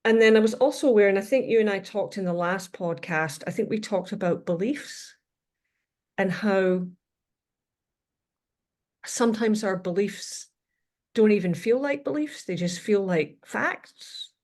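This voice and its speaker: A woman's voice: medium pitch, a little slow, darkish tone. A woman in her fifties, a podcast guest telling a personal story in a thoughtful, reflective way, often circling back to restate her points. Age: 50s.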